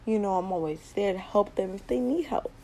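A teenage girl rambles through a casual late-night podcast from home, piling up repeated words in a giggly, loose manner. Her voice sits at a middle pitch and comes through a laptop mic with a faint hiss behind it. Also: lively intonation, a little fast, dark tone, poor audio. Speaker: podcast host.

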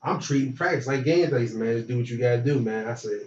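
Young dude telling an old football story, chill and slangy, kinda far off in a roomy space, muffled sound. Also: male voice, mid-range voice, fast talker. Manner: relaxed, slangy, animated retelling with quoted dialogue. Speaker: former football player, guest. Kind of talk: casual storytelling. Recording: roomy, distant, dull lo-fi sound.

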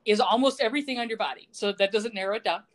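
A woman co-hosting a podcast, recapping a TV scene in casual chat, giggly and animated. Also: mid-range voice, rapid-fire. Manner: giggly, animated retelling with quoted voices. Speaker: podcast co-host. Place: remote recording, not with co-host.

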